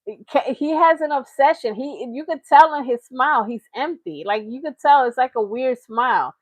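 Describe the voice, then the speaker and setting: Chatty woman host, higher pitch. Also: lively intonation, moderate pace, no echo. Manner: chatty, laughing, slips into mocking impressions. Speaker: reaction channel host. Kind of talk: casual commentary.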